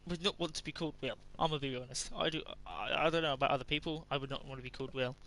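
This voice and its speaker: A young Irish man with an English accent streams a game, his mid-range voice very fast, gravelly and sharp as he gives rambling, self-mocking commentary. It's casual gameplay talk from a gaming streamer.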